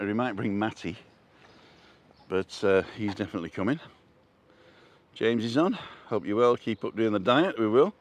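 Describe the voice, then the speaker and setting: An older man live-streaming on a street walk, chatting casually and answering viewers' comments as he goes. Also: medium pitch. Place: outdoors on a street.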